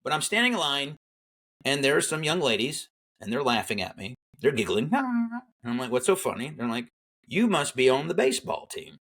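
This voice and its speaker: This is a guest, an Army veteran in middle age, sharing a military story in a relaxed chat. His mid-range voice moves at normal speed, and he brings quoted dialogue to life with animated impressions.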